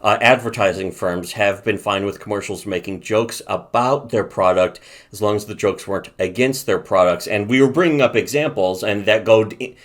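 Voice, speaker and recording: A man's voice: lowish voice, moderate pace, hardly any pauses. A man co-hosting a casual commentary podcast, ranting profanely and reading from his notes. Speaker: podcast co-host.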